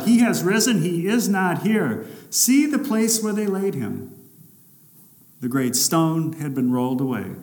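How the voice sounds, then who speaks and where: A man preaching from the pulpit in a somewhat high voice. He delivers his sermon with dramatic swings, rising loud and forceful on some lines and dropping low and hushed on others. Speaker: pastor.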